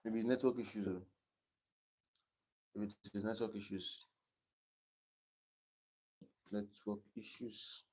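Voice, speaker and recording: Young Nigerian male tutor with a slightly low voice, repeats his points, patient and step by step on a live stream. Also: fairly even intonation, moderate pace, pauses often, dark tone. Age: young adult. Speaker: online exam tutor.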